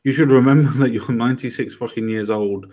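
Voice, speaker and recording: Brief: male co-host, mid-pitched, blunt, sweary, ranting commentary. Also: fairly quick, darkish tone. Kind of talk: casual commentary chat.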